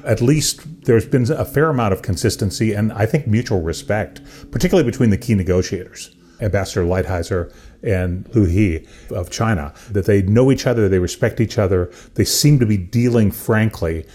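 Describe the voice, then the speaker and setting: A man's voice: lowish voice, moderate pace, warm tone, breathy edge. A man hosting an interview, setting up questions thoughtfully and at length. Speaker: podcast host.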